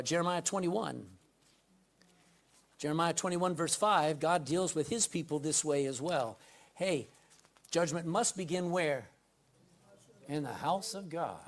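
Slightly high with lively intonation, this pastor's voice is unhurried and pauses often as he preaches from the church pulpit. He reads scripture aloud emphatically and loudly, drops into quiet asides, and asks the congregation direct questions.

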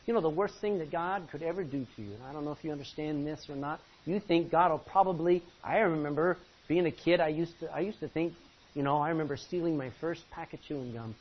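A male pastor preaching a sermon from the front of a church, impassioned, swinging from loud pleading to low intensity. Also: husky. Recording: dull lo-fi recording with faint hiss.

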